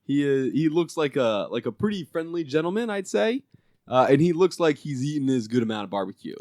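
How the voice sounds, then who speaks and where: A man's voice: fairly high pitch, very animated, fairly quick, darkish tone, dry recording, studio quality. A man co-hosting a casual podcast, rambling along with lots of "like". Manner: rambling, full of "like", chuckles. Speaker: podcast co-host. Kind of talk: casual chat.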